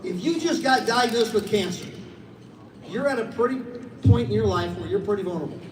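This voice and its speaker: A man's voice: high voice, lively intonation, fairly quick. A middle-aged man speaking as a network marketing speaker at an event, giving a motivational stage talk, acting out quoted voices and repeating key lines. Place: large event hall. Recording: echoey hall, distant mic, noise.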